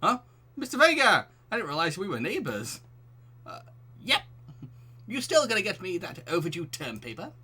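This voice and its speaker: A man's voice: high voice, wildly swooping pitch, normal speed, pauses often, sharp tone, husky, voice pushed up, exaggerated voice. A man voicing a cheeky teenage girl with a sassy, breezy manner.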